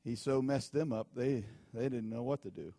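A man's voice: mid-range voice, normal speed, dark tone, dry recording. A man preaching a sermon as pastor, telling folksy stories and repeating his warnings with emphasis.

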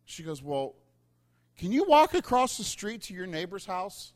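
Animated preaching man, high lively voice. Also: unhurried. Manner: animated storyteller, mimics callers, builds to emphatic preaching. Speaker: pastor. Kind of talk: sermon with storytelling.

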